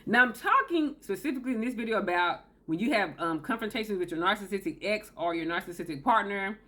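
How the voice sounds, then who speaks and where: A woman's voice: medium pitch, lively intonation, quick pace, pushed and bright. A woman hosting a self-help video, talking straight to camera, emphatic and repeating her key points. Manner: emphatic, repeats key phrases, acts out quoted people. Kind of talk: direct-to-camera advice talk.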